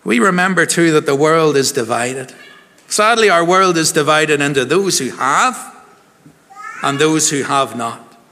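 Minister, fairly high voice, playful, quizzing his flock, in a reverberant church. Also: lively intonation, a little slow, pushed and bright. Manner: chatty, jokey, quizzing the congregation. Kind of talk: harvest service sermon.

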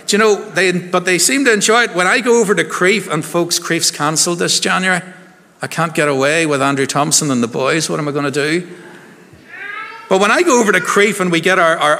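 Minister, fairly high voice, playful, quizzing his flock, in a reverberant church. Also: lively intonation, a little fast, bright, forceful tone. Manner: chatty, jokey, quizzing the congregation. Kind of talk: harvest service sermon.

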